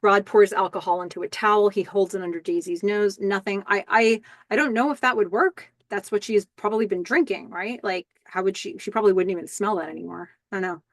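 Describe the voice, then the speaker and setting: A woman hosts a rewatch podcast at a middle pitch. She recaps an episode step by step, quietly quoting the lines. The sound is dry and close. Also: a little fast, hardly any pauses, no echo. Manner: describes scenes step by step, soft quoting of lines. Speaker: podcast host.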